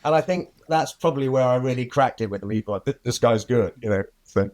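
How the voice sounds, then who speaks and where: A man's voice: mid-range voice, quick pace. An older man, a film editor, telling stories in an interview, laughing often and acting out the people he quotes. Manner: lively storyteller, acts out quoted voices, laughs often. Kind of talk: anecdotal interview storytelling.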